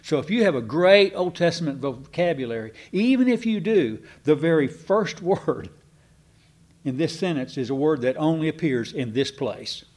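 A man giving a folksy, digressive Bible teaching to a congregation, slowing down to stress key words. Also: fairly high pitch, lively intonation, a little mellow. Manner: folksy and digressive, slows down for emphasis. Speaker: preacher.

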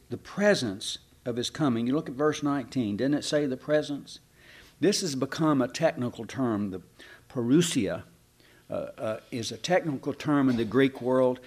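A man preaching a sermon in a folksy, animated way, with sarcastic asides to the congregation. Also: medium pitch, slightly rough. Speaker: pastor.

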